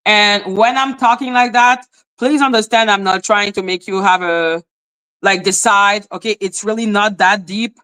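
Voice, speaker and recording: A woman with as her ranting bluntly on a live stream, swearing freely, dropping to flat mutters and jumping to high exclaims. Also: moderate pace. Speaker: livestream host. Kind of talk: casual live-stream rant.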